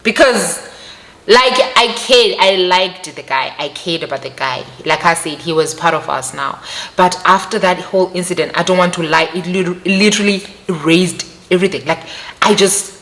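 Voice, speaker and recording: A vlogger with a South African accent, young and on the low side in pitch, shares a personal story at normal speed. She talks straight to her audience, animated and emphatic, often repeating phrases.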